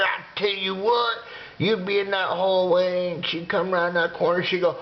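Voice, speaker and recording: A man in his sixties telling a comic story in a drawn-out, rambling way, sometimes dropping to a whisper. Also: high-pitched, level tone. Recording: dull lo-fi recording.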